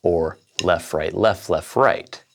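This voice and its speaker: A man with a very low, gravelly voice teaches a casual drum lesson. He walks through sticking patterns step by step and counts the beats out loud, in a relaxed, informal way. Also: takes it slowly, very noisy. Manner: explains step by step, counts aloud.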